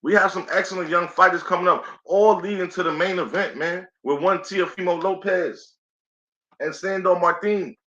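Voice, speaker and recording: A man's voice: sits high, steady tone, normal speed, sharp tone. A man hosting a casual live boxing play-by-play stream, laid-back and chatty, often saying "you know what I'm saying.". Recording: echoey room, dull lo-fi sound.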